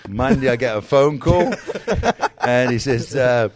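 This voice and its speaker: A man in his sixties from England, a golf commentator telling animated stories as a podcast guest. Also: mid-range voice, slow. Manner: animated storyteller, slips into mimicry. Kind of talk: casual interview chat.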